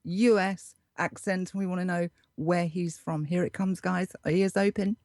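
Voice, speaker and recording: Mujer animada presentando datos curiosos, voz seca. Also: female voice, lowish voice, fairly even intonation, measured pace, darkish tone, dry recording, clean studio sound. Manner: upbeat, reads facts aloud. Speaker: show correspondent. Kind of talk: casual podcast segment host.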